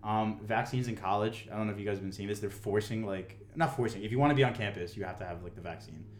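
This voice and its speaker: A man's voice: fairly low pitch, fast talker. A young man hosting a casual podcast chat, a youth coach talking in a laid-back, rambling way and laughing often. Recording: roomy echo.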